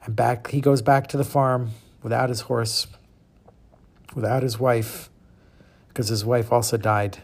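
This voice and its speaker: A man telling a moral fable to listeners in a casual, animated way, with small restarts. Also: mid-range voice, unhurried, pauses often. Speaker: storyteller.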